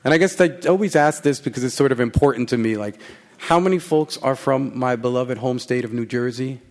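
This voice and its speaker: Before his reading, an author with a mid-range voice jokes a little fast and profanely with the live crowd, teasing them casually. A bit of hiss or hum runs under the audio.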